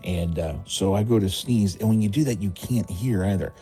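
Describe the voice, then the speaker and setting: A man's voice: lowish voice, normal speed, mellow. A middle-aged man tells a rambling, self-mocking story full of fillers, as a caller to a radio show. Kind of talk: casual phoned-in anecdote.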